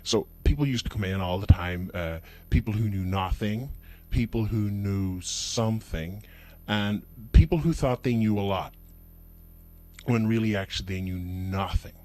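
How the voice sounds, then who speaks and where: A man hosting a puppet comedy vlog, talking in a rambling, chatty way full of hesitant fillers. His voice sits fairly low for a man. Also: moderate pace, darkish tone. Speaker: puppet show host. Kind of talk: comic vlog monologue.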